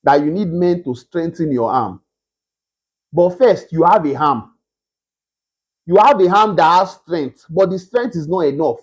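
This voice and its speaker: A man preaching a sermon, emphatic and repetitive, with a husky voice. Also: sits high. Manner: emphatic, repetitive, mimics beggars in a whiny voice.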